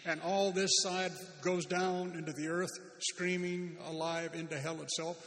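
A man preaching a sermon as a pastor, animated and emphatic, with sudden loud bursts and speech. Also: on the high side, measured pace, very noisy. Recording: long hall reverb.

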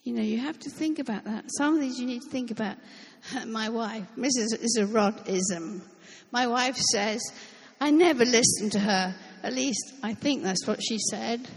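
A woman preaching a sermon, slow and emphatic, with light joking asides. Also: fairly high pitch, long reverb tail, low-quality recording.

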